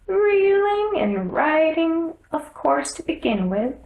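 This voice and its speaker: A woman voicing a sad, sighing male Mock Turtle in a storybook reading, in a high, wavering, mournful voice. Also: big pitch swings, slow, echoey room, phone-quality sound, exaggerated voice.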